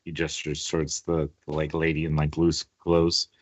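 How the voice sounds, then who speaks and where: Deep-voiced man narrating a game. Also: monotone. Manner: halting, filler-heavy description. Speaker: game master.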